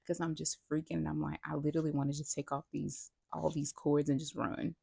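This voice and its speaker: A woman speaks with heavy vocal fry and a husky, breathy edge, her pitch staying fairly flat. She is casually retelling a personal story for a vlog, acting out what she and others said and restarting her sentences as she goes. The sound is close and dry. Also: brisk, hardly any pauses, dry recording. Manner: retells events with many "I'm like" quotes; chatty, restarts sentences mid-thought. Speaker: vlogger.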